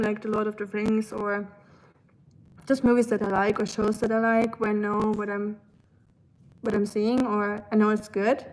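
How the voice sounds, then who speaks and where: Medium in pitch, a young woman's voice comes through poor audio with a little hiss or hum. She's hosting a laid-back livestream, musing and chatting with her live chat viewers while she eats.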